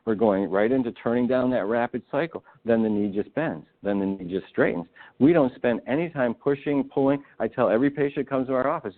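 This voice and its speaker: A man's voice: mid-range voice, brisk. A man giving a continuing-education talk to physical therapists, emphatic and full of rhetorical questions. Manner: emphatic, rhetorical questions, acts out patient quotes. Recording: tinny phone-like webinar audio.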